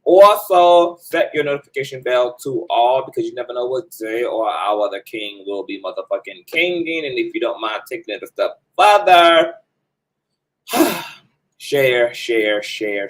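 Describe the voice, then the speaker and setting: A man's voice: medium pitch, animated, moderate pace, fairly bright tone, poor audio. A man hosting his own commentary channel, chatting casually and flamboyantly with viewers, full of profanity and playful asides.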